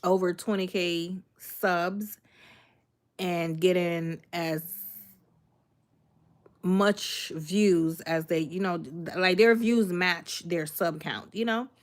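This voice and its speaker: Speaking slowly in a lowish voice with fairly level intonation, this Miami, Florida native runs a cooking livestream. She's young and laid-back, a bit sassy as she reads out comments and says hi to viewers by name.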